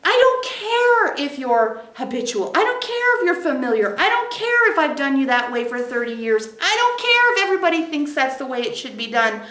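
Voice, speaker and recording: A woman's voice: high voice, very animated, brisk, hardly any pauses, sharp tone. A woman channeler giving an emphatic teaching to a small group, stressing points by repeating them. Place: meeting room with a group of listeners. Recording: roomy echo.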